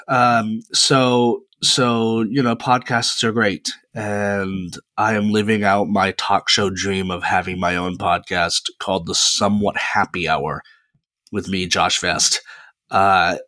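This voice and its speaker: A man in his twenties hosts his own podcast alone, talking in a chatty, rambling way with frequent pauses into a close mic. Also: low voice, fairly even intonation, sharp tone, no room sound. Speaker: podcast host. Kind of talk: casual solo podcast monologue.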